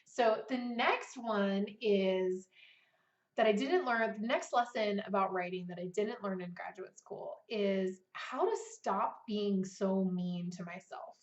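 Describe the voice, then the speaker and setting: A woman's voice: mid-range voice, takes it slowly. A woman in her thirties, a writing coach, talking casually and chattily with frequent "like" and "right?". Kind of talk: casual vlog talk. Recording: roomy, slightly dull recording.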